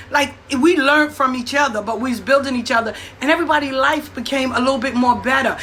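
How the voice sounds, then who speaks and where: A woman's voice: sits high, quick pace, few pauses, a little hiss or hum. A woman, talking in a blunt, profane, storytelling monologue and acting out what people said. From New York. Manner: blunt, profane, animated with acted-out quotes. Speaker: host.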